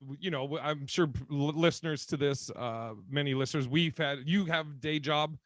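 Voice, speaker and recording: A man's voice: on the high side, fairly even intonation, normal speed, no room sound. A man co-hosting a podcast in casual comedic chat, joking, swearing freely and laughing often. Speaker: podcast co-host.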